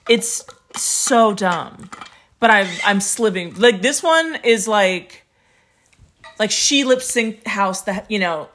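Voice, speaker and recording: A woman co-hosting a podcast in casual chat, laid-back and slangy, with lots of soft agreeing interjections. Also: medium pitch, expressive, takes it slowly. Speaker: podcast co-host.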